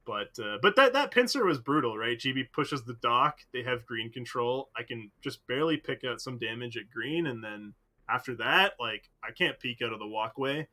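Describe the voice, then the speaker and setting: A man's voice: medium pitch, lively intonation, normal speed, bright, forceful tone. A man, an esports player, talking animatedly in a post-match interview, rambling with lots of fillers.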